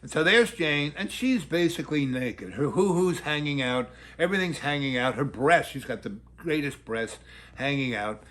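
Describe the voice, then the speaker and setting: Older male storyteller, slightly high voice, meandering, acts out quotes. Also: lively intonation, normal speed, fairly bright tone. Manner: loose, digressive, acts out quotes. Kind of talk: rambling anecdote telling.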